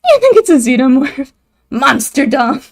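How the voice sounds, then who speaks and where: A woman's voice: high-pitched, very animated, normal speed. A young woman hosting a video, giving an irreverent, profane comedic recap of a story and acting out the characters' lines. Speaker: video host.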